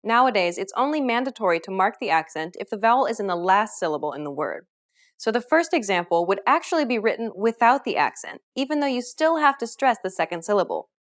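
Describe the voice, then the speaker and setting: A woman teaching a scripted pronunciation lesson, explaining clearly and upbeat, modeling example words. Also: a little high. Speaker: language teacher.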